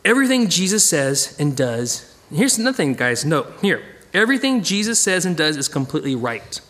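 A man teaching a casual Bible study, animated and digressive, chuckling as he goes. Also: a little high, a little fast.

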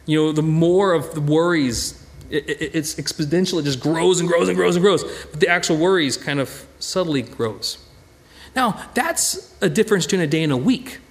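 This male pastor's voice is a little high and his speed is normal. He preaches in a chatty, animated, conversational style, often repeating words and beginning sentences again.

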